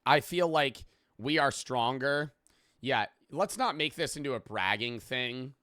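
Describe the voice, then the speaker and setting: Bright-voiced excitable young American man. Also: mid-range voice, no echo, clean studio sound. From United States. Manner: excitable, heavy swearing, quick restarts. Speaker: streamer reacting to videos. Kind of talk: casual reaction commentary.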